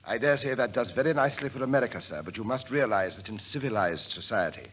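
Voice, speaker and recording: An actor playing a prim, formal manservant in 1940s radio acting, stiffly polite and saying sir at every turn. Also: male voice, medium pitch, animated, quick pace, fairly bright tone, a little hiss or hum, lightly acted, rough recording. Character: prim, formal middle-aged English manservant.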